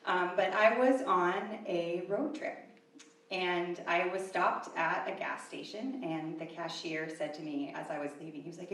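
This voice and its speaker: At a live event, a woman in her 30s shares a true story in a chatty, self-deprecating way, using many fillers. Her voice is fairly low and steady at a moderate pace. The recording has an echoey room, a far-off mic and faint ambience.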